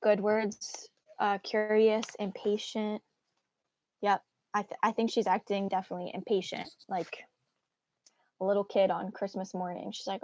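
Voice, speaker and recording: A woman's voice: medium pitch, level tone, moderate pace, darkish tone. A woman teaching a live online literature class in a casual, encouraging way, with frequent fillers. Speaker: English teacher.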